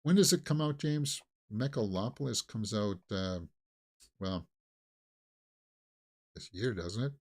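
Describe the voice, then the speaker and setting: A man hosting a movie news channel, chatting casually and rambling with mocking asides and quick put-on quotes. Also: lowish voice. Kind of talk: casual solo commentary.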